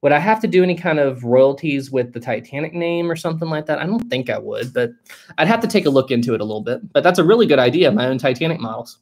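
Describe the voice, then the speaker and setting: A man's voice: mid-range voice, animated, fast. A man from West Virginia with a mild West Virginian accent, hosting a casual live-stream chat and answering viewer questions. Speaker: history channel host.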